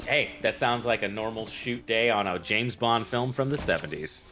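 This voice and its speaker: A man's voice: lowish voice, normal speed, background noise. A man co-hosting a game livestream, chatting in a rambling, jokey way and swearing freely. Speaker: game streamer co-host. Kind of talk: casual gaming livestream chat.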